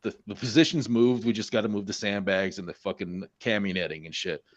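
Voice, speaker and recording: A man's voice: lowish voice, brisk. A man in his forties, a military veteran, telling a war story in a casual, rambling way, swearing heavily and restarting his sentences often. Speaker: Marine veteran guest. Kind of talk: casual storytelling among friends.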